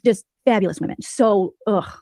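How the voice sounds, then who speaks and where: A woman streamer delivers sarcastic, mocking gossip commentary, telling the story with animation. She speaks fast at a medium pitch, with no echo.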